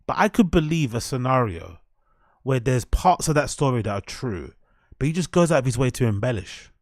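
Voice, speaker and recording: A young man with a British accent hosts a casual stream, talking back to his chat with sarcastic, swearing rhetorical questions. His voice sits at a middle pitch and the sound is close and dry. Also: sing-song, brisk, dry recording. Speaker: host. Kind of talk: casual chat reacting to clips.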